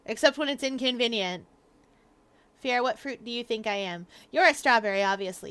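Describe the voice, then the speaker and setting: Young woman streamer, chatty and giggly, bright high voice, casual rambling over gameplay. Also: steady tone, moderate pace, smooth, no room sound. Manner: chatty, rambling storyteller who laughs often.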